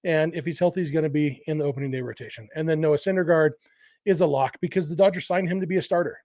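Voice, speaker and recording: A man's voice: on the high side, fast talker, a little mellow, dry recording, clean studio sound. A middle-aged man hosting a casual sports podcast, thinking aloud with fillers and restarts. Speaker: podcast host.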